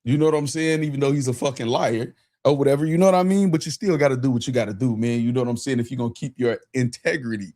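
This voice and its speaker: A man hosting a casual livestream, excitable and profane, shouting out chat and repeating himself. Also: mid-range voice, fast. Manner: profane, laughing. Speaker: livestream host.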